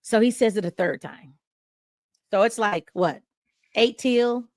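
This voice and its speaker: A middle-aged woman, a radio host, telling a story in an interview and acting out the dialogue with big jumps in pitch. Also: a little slow, dry recording, clean studio sound. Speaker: radio host and podcast guest.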